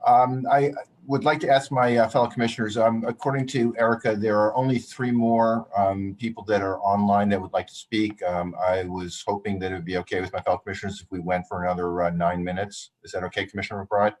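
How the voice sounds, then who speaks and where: A man's voice: lowish voice, little pitch movement, quick pace, a little mellow. A man chairing an online public hearing over a video call, polite and hesitant with many fillers.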